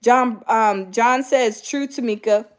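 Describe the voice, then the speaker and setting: Her pitch fairly high and her pace slow, a middle-aged woman hosts a casual chat with live viewers. She acts out other people's voices in an animated way and uses plenty of fillers.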